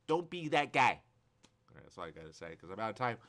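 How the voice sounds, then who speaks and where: Animated, emphatic male radio host. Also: lowish voice, quick pace. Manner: animated, emphatic, repeats himself. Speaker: radio talk show host. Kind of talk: opinionated news commentary.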